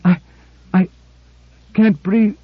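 A woman's voice: low-pitched, expressive, normal speed, breathy edge, no echo, lo-fi sound, pitched above the performer's own voice. A man voicing a breathless, frightened young woman. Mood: strained. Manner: breathless, strained pleading.

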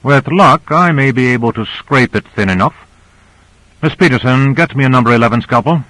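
A man's voice: mid-range voice, fairly quick, a bit bright, no echo, voice pushed up, lightly acted, poor audio. A male narrator voicing Duval, a brusque, arrogant surgeon who gives curt commands. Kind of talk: audiobook character reading.

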